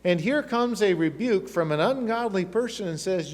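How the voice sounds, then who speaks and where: A man's voice: high-pitched, lively intonation, normal speed. A middle-aged man, preaching a sermon as pastor with emphatic rhetorical questions and asides. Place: church sanctuary. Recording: long church reverb.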